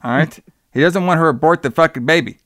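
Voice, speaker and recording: A man's voice: fairly high pitch, racing, fairly bright tone, dry recording, clean studio sound. A man co-hosting a casual podcast, retelling a horror film in a loose, rambling way, swearing freely and acting out the characters' lines. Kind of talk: casual chat.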